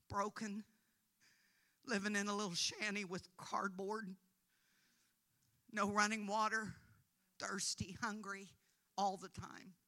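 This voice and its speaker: A woman preacher telling a mission story in a sermon, swinging from quiet storytelling to emphatic, rising preaching. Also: on the high side. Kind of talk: sermon testimony.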